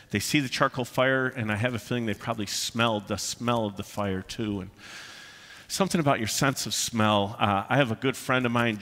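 A man preaching a sermon in a bright, forceful voice, his delivery emphatic yet conversational and sprinkled with "uh" fillers. His voice rings out with the long reverb of a big church hall. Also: mid-range voice. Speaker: pastor.

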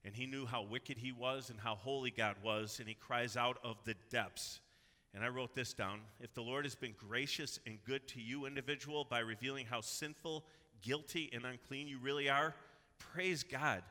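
Male pastor, very bright and cutting tone, earnest urgent delivery, long church reverb. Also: medium pitch, fairly even intonation, normal speed. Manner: earnest and emphatic, rising to urgent exhortation. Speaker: preacher. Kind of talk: sermon with scripture reading. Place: church sanctuary.

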